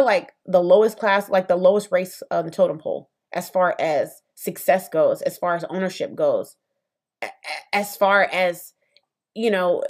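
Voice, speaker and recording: A woman's voice: mid-range voice, darkish tone. Passionate woman podcast host talking casually. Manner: passionate, emphatic, conversational with frequent fillers. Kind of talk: solo opinion podcast monologue.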